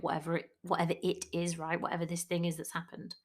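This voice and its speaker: A woman coach giving a chatty solo podcast talk. She acts out quoted people in lively voices. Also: lowish voice, fast, hardly any pauses.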